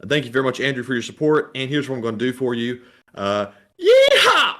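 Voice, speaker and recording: A man co-hosting a live stream, reading out viewer donations and messages in a steady, matter-of-fact way. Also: mid-range voice, rapid-fire, a crowd in the background.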